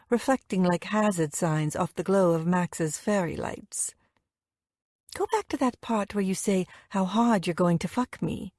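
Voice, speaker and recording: A woman narrating a first-person romance audiobook in an intimate, expressive way, voicing the dialogue as she reads. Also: medium pitch, dry recording, studio quality.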